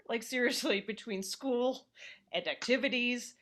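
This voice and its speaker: A woman's voice: high voice, normal speed, fairly bright tone. Woman comedian host, middle-aged, chatty and wry, on a video call.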